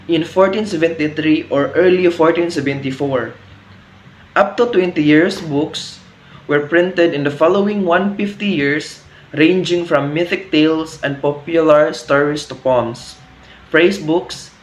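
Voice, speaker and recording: A young man with a Cebuano Filipino accent, reading a school history report slowly and carefully, stumbling over hard words. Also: on the high side. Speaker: student presenter. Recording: echoey room with faint ambient noise.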